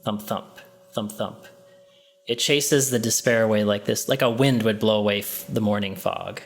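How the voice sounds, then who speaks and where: A man running a tabletop game as game master, narrating a scene slowly in the second person with frequent ums and restarts. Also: on the low side, steady tone, vocal fry.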